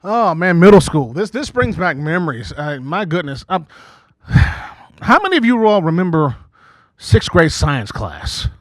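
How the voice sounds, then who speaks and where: A man over forty working a live stand-up set, his voice sitting a little high for a man. He chats with the crowd, tosses in "okay?" after his lines and slips into quick put-on voices for his stories. The sound is close and dry. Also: very animated, no echo. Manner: conversational, frequent "okay?" asides, acts out quoted voices. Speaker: stand-up comedian and emcee. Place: small community TV studio stage before a live audience.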